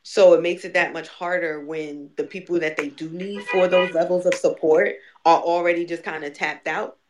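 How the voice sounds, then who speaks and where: A woman's voice: fairly low pitch, fairly even intonation, normal speed, noisy background. A woman in casual conversation who talks candidly and emphatically, swearing freely.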